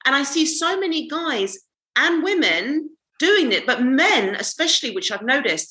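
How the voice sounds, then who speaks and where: A woman's voice: on the high side, sharp tone. A woman co-hosting a podcast, ranting bluntly and swearing in casual chat. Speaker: podcast co-host. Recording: roomy echo.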